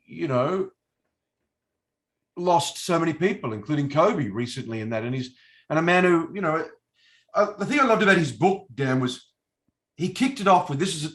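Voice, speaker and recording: A man's voice: fairly high pitch, fairly bright tone. A middle-aged man, an actor being interviewed, talking casually in a rambling, hesitant way with many fillers and restarts. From Australia. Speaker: actor guest.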